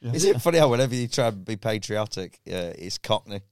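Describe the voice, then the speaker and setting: A man's voice: fairly low pitch, lively intonation, a little fast, a little mellow, clear, resonant tone, no room sound, studio quality. A middle-aged man, a comedian guest chatting casually on a podcast, swearing a lot, ranting and laughing often.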